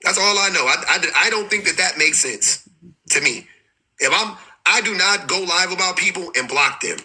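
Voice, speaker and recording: A man talks loosely and with exasperation on his own livestream, and his sentences keep stalling and starting over. His voice sits high with a sharp brightness and a husky edge. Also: expressive, moderate pace, rough recording. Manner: rambling, profane, exasperated, many restarts. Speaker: livestream host. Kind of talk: casual livestream commentary.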